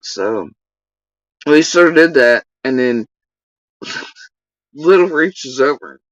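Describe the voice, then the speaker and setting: A woman's voice: rumbling low, expressive, slow, no echo, poor audio. A woman telling a casual story on a livestream, rambling, laughing and swearing freely.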